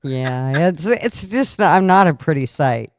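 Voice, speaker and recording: A man's voice: on the high side, expressive, takes it slowly, no room sound, studio quality. Profane, laughing storyteller man. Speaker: podcast host. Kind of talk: casual storytelling chat.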